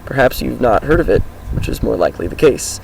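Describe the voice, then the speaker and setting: A teenage boy talking casually outdoors about his life, with a groggy, hoarse voice and a rambling, upbeat manner. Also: mid-range voice, animated, a little fast, a little mellow, a little hiss or hum, low-quality recording. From Washington State, US. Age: teens. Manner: rambling, upbeat, many fillers. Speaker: high school student vlogger. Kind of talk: casual self-introduction vlog. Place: outdoors, sitting on his car.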